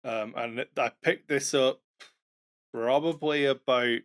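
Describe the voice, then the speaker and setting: A man's voice: medium pitch, a bit bright. A man co-hosting a podcast, chatting casually about running tabletop games, self-mocking, with fillers and false starts. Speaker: podcast co-host, game master.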